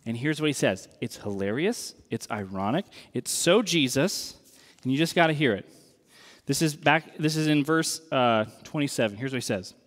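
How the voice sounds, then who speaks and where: A man's voice: mid-range voice, expressive, moderate pace, a bit bright. A male pastor preaching a sermon in a conversational, earnest and wry way. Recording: long reverb in a large hall.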